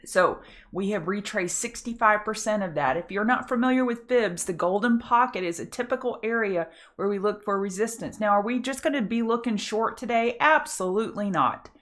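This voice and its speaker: A woman's voice: medium pitch, normal speed, a bit bright. A woman hosting a live market prep stream, upbeat and chatty, greeting viewers by name. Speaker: trading show host.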